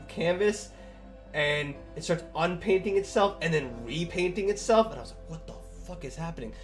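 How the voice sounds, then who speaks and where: A young man rambles through a long story on stream in a casual way, swearing a lot and acting out the lines of the people involved. His voice sits high.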